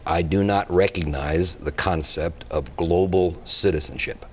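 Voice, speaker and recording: A man's voice: deep voice, a little slow, slight background noise. A man speaking as a guest expert on a TV talk show, giving blunt, emphatic and impassioned answers.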